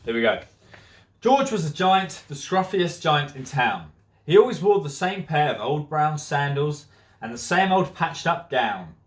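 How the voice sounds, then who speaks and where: A male teacher reads a children's picture book aloud, giggling as he goes. His voice sits a little high and swings lively from line to line. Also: measured pace. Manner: giggly, keeps breaking into laughter. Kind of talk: storybook read-aloud.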